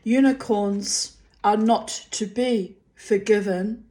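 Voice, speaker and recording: A woman reading a fantasy novel aloud in a slow, measured, gentle voice. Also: mid-range voice, fairly even intonation. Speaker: reader. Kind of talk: audiobook narration.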